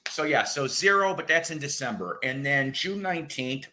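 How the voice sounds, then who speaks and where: A man hosting a casual radio show, excitable and profane, laughing often and slipping into impressions. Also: on the high side, normal speed, hardly any pauses, slight background noise. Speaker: radio host and record collector. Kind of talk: casual chat. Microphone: studio mics.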